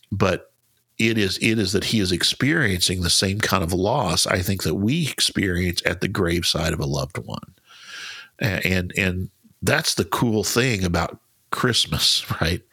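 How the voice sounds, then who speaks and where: A man's voice: low-pitched, moderate pace, pushed and bright, breathy edge, dry recording. A man co-hosting a Bible study podcast, talking earnestly in casual chat and often repeating and restarting his words. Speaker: podcast co-host.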